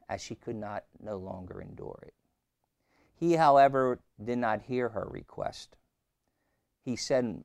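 A man preaching a sermon as pastor, swinging between loud emphasis and quiet asides. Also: lowish voice, vocal fry, no room sound, clean studio sound.

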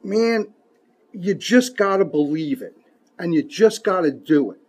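A male preacher with a fairly high voice who leans hard on key words and reads old scripture in a measured, emphatic way. Between readings he drops into relaxed, folksy asides. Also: slightly rough. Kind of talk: sermon.

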